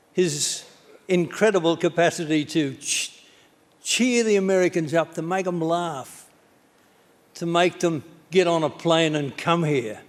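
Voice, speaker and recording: A plain-spoken older Australian man tells stories from the podium in a tribute speech. His voice sits a touch high and carries a long hall reverb. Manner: blunt, anecdotal, plain-spoken. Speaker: former minister giving a tribute.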